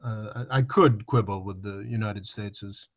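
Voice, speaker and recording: A man's voice: on the low side, normal speed. A man in a casual political discussion who interrupts with questions and hesitant quibbles.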